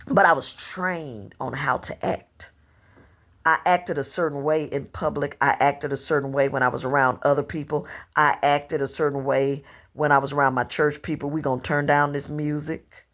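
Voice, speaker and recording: A woman in her fifties from Louisiana with a Southern accent, telling long personal stories to camera in an unhurried, rambling way. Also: low voice, fairly even intonation, a bit bright. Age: 50s. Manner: unhurried storytelling, drawn-out phrasing, slips into dialect and quoted voices. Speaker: vlogger.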